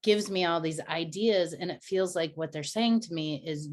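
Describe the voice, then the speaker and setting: Earnest storytelling woman, lowish voice. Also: normal speed, few pauses, darkish tone. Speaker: podcast co-host. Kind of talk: candid personal conversation.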